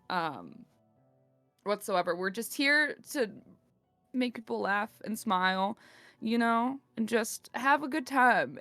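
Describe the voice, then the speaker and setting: Woman playing a rambling, excitable circus leader. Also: medium pitch, no echo. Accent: slips into a southern twang. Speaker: player. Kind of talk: in-character tabletop role-play.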